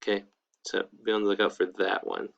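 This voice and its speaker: A man's voice: on the low side, little pitch movement, fairly quick, creaky, lo-fi sound. A man, teaching an online language lesson in a casual, upbeat way. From United States. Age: 20s. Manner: casual, upbeat, peppered with "all right, cool". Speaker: Spanish teacher.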